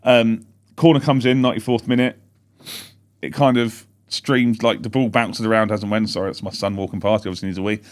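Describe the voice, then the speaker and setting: Man, podcast co-host at home, quick and low-pitched, rambling storyteller. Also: flat delivery. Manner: rapid, rambling storytelling of match events. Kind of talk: casual live-stream chat.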